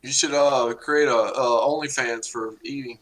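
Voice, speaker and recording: A man's voice: mid-range voice, fairly even intonation, a little slow, a bit bright, rough recording. A man joining a stream as a guest in casual chat, joking and teasing.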